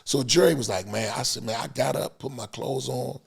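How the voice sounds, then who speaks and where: A middle-aged man, a music business veteran, telling stories as a podcast guest in a lively, laughing, casual way. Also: medium pitch, fairly quick, gravelly, husky. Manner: lively, laughing storyteller with many fillers. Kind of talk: animated storytelling in casual chat.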